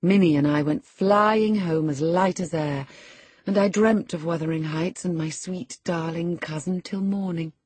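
Woman reading spirited proud young lady, scornful, low and husky. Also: unhurried, no room sound. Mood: animated. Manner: lively, scornful storytelling.

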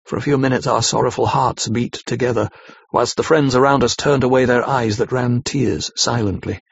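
A man narrating a classic novel aloud in a steady, grave storytelling manner, on a slightly muffled dry recording. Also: mid-range voice, moderate pace, creaky, husky. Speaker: audiobook narrator.

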